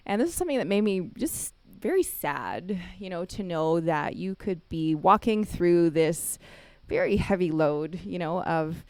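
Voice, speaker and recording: A woman giving a chapel talk, telling a family story with lively storytelling and acted-out quotes. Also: on the low side, no echo. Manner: animated storytelling, acts out quotes, laughs often. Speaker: chapel speaker.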